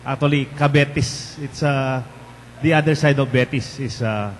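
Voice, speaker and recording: Medium in pitch and normal in speed, a man from the Philippines with a Filipino accent preaches a bilingual homily as parish priest, in a conversational tone and with rhetorical questions for the congregation. A faint hum and the long reverb of a large church are audible.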